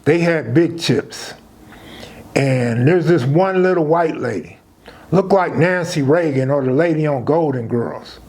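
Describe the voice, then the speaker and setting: A man with a high-pitched voice recounting a true story from his past, talking loose and conversational with plenty of street slang. His delivery is relaxed and unscripted, like he's telling it to friends. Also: measured pace.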